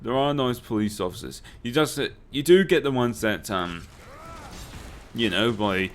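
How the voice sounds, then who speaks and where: A man's voice: mid-range voice, animated, moderate pace. A young man with an Australian accent, telling rambling, swear-filled anecdotes while playing a video game. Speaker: gaming YouTuber. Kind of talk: casual let's play storytelling.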